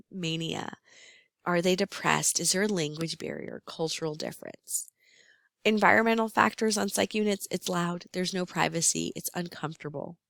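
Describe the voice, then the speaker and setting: Woman nursing instructor, gravelly tone, dry close recording, explanatory lecture delivery. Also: on the low side, a bit bright, no echo. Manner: explanatory, repeats key terms, frequent "um".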